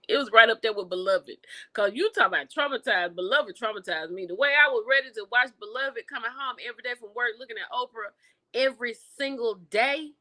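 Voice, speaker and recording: A woman hosting a livestream, chatting casually with her viewers and reacting with lively exclamations. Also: medium pitch, normal speed, long pauses. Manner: animated and expressive, with exclamations; talks to viewers directly, reading and answering chat. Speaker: livestream host reviewing TV and film.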